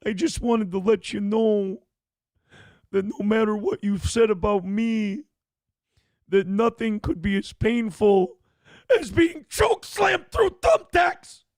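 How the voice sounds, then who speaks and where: Man doing a creepy, raised-pitch wrestler with an oddly gentle delivery. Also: animated, takes it slowly, no room sound, heavily acted. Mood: creepy calm. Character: eerie, soft-spoken male hardcore wrestler.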